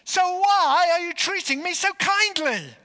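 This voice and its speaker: A preacher acting out a badly burned man in anguish, his voice jumping high and loud as he presses question after question. The words ring out into a long, reverberant church space. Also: measured pace, exaggerated voice. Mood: anguished pleading. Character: desperate badly burned male bomber, pleading.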